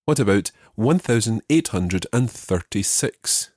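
A man teaching a podcast language lesson, patiently repeating each phrase slowly for learners. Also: lowish voice, expressive, darkish tone, no echo, clean studio sound.

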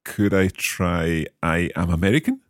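A man, co-hosting a language lesson as the curious learner who asks questions and repeats phrases slowly. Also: sits low, lively intonation, dry recording, clean studio sound. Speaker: learner co-host.

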